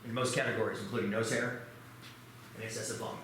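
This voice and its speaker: Talking fast in a fairly low, flat voice, this man jokes self-deprecatingly as he works through math problems with his class. The classroom echoes, and there's background noise.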